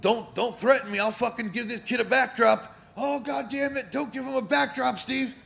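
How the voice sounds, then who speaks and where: A man putting on a loud, high, profane voice of a teasing veteran male wrestler. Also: steady tone, moderate pace, gravelly, heavily acted. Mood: rowdy teasing. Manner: shouted, profane mock voice.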